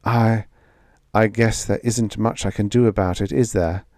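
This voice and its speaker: A man reading the lines of a tense young woman captain in a science fiction story, sounding urgent and then falsely calm. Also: lowish voice, measured pace, no echo, clean studio sound.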